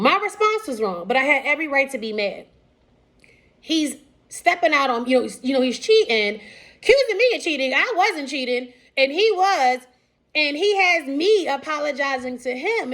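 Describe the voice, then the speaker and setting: A woman in her thirties with a fairly high voice talks candidly about her own past. She is casual and unpolished, often restarting her sentences and acting out what people said. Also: fairly bright tone. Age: 30s. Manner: casual, candid, many fillers and restarts, quoting others. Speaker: vlogger sharing personal story. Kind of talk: candid personal storytelling.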